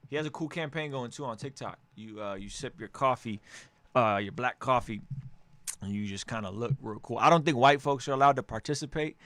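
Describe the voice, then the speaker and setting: A man's voice: medium pitch, fairly quick, fairly bright tone, no room sound. A man hosting a casual music review, upbeat and joking as he gives feedback on songs.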